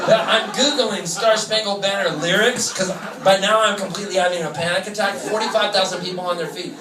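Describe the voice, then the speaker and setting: A touring singer-songwriter man telling a comic story on stage in an animated, quick-witted way, recorded live in a club with a distant mic. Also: sits high, crowd noise. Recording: echoey live room, distant mic, loud guitar.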